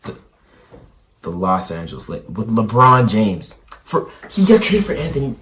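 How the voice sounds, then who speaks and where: Young man, hoarse, worn-out voice, lowish pitch, stammering, casual vlog. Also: big pitch swings, moderate pace, a little hiss or hum. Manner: stammering, repeats himself, swings from quiet to loud. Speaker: basketball YouTuber.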